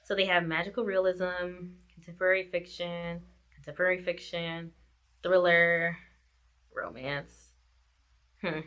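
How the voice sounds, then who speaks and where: A woman chatting casually about a book she just read, circling back to the same points and laughing as she goes. Her voice sits on the low side for a woman, yet it sounds bright and forceful. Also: level tone, a little slow, pauses often. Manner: chatty, repeats herself, laughs often. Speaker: book vlogger. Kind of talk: casual book review chat.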